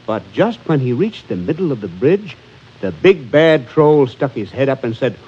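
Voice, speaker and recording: A man telling a children's story in a slow, rhythmic, sing-song way. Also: medium pitch, sing-song, darkish tone, husky. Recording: dull lo-fi recording with faint music.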